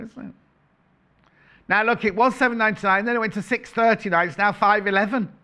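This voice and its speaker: A man hosting a live shopping channel, talking in a bright, fairly high voice that swings up and down a lot. His patter is chatty and playful, full of asides and price call-outs from a studio. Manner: chatty, playful, self-correcting, reads out prices.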